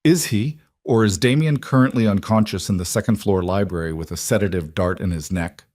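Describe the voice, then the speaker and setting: A man reading the lines of a calm, cultured female assassin who taunts her target. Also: lowish voice, fairly quick, no echo, studio quality, close to an everyday voice. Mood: taunting.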